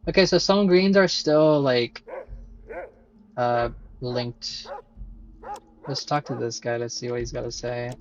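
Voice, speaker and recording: A man's voice: medium pitch, fairly even intonation, takes it slowly, long pauses, dull audio. A man streaming a video game live, chatting casually and thinking aloud with fillers and the odd swear.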